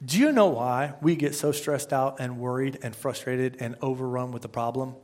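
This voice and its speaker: A man preaching a sermon, with lively, conversational rhetorical questions and slow, measured scripture readings. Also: medium pitch. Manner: slows to a measured pace when reading scripture. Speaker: pastor.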